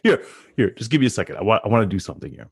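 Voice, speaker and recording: A male interviewer hosting a casual chat, reacting with excitement and frequent laughter. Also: lowish voice, racing, slightly rough. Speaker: interviewer, host.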